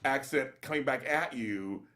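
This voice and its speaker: A man hosting a casual interview, chatty and quick to laugh. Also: medium pitch, bright, forceful tone. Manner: fast, chatty, laughs easily. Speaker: host.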